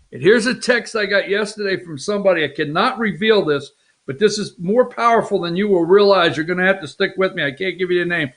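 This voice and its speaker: A man's voice: sits high, brisk, fairly bright tone. A man hosting a political talk show, rambling and mocking in an off-the-cuff way. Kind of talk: casual political commentary.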